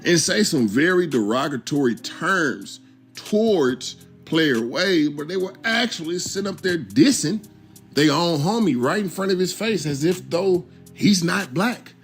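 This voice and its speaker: A man's voice: on the high side, animated, unhurried, soft background music. A man hosting a casual reaction commentary video, talking loosely and peppering lines with 'bro' and 'you understand me.'. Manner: conversational, repeats 'bro' and 'you understand me'. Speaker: YouTube commentary host.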